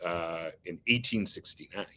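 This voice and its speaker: A man's voice: sits low, moderate pace, fairly bright tone. A man being interviewed as an agency leader, speaking earnestly with many fillers and restarts. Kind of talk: casual interview talk.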